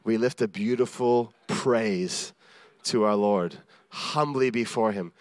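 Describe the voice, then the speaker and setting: A man's voice: fairly low pitch, takes it slowly, no room sound. A man preaching a sermon in an earnest, self-deprecating way, acting out the voices of the people he quotes.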